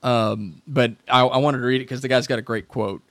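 A man's voice: mid-range voice, fairly even intonation, a little fast, no echo. Rambling male podcast host. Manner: rambling storyteller, acts out quoted dialogue with restarts. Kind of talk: casual chat.

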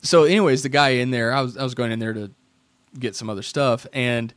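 This podcast host speaks briskly in a smooth, mid-range voice on a dry recording. In casual chat he tells rambling stories with restarts, acting out the dialogue he quotes.

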